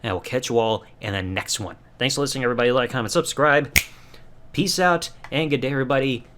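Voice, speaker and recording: A man hosting a solo podcast review, recapping events in an excited, animated way with lots of fillers. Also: medium pitch, quick pace, background noise. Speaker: podcast host.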